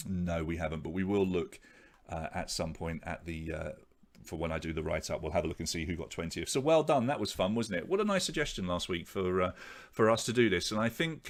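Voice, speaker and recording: A man with a somewhat low voice hosts a live online pub quiz from his home office. He chats casually with viewers, rambling with frequent fillers and restarts. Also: lively intonation, brisk. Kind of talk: casual live-stream chat.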